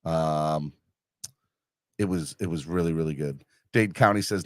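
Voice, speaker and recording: Man, low voice, dry close sound, casual rambling podcast host, lots of fillers. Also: slow, long pauses, dry recording. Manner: rambling, self-deprecating, many fillers and restarts. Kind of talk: casual chat reading live comments.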